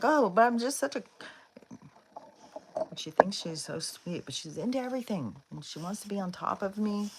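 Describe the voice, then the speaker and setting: With a slight hiss or hum behind her low voice, a woman hosts a live stream in a chatty, rambling way, full of fillers and laughs. She keeps turning to her dogs and talking to them coaxingly between thoughts.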